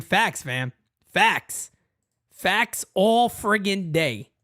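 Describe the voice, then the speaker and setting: A man hosts a casual fan talk show and answers callers one after another. His voice rises and falls a lot. He talks in an animated, repetitive way full of slang. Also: high voice, normal speed, faint music behind. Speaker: host taking fan calls.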